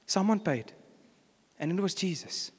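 This pastor's voice sits high and sounds expressive and slightly rough, moving a little slowly. He has a South African accent and is preaching a sermon in a reverberant church hall, telling a story and acting out the characters' lines.

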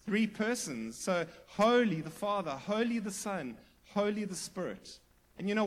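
Male pastor, high voice, sermon delivery that turns emphatic and questions the congregation. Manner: emphatic, rising to near-shouted repetition.

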